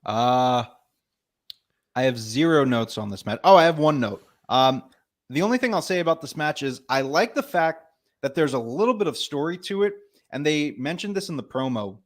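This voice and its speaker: A man's voice: on the high side, expressive, moderate pace. A young man co-hosting a wrestling review podcast, laid-back and easygoing in casual chat. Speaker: podcast co-host.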